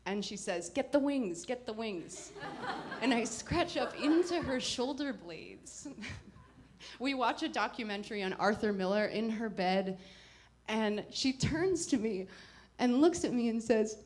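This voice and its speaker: A woman telling a personal story at a live performance, wry and reflective, with halting pauses. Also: fairly high pitch, expressive. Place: live performance before an audience.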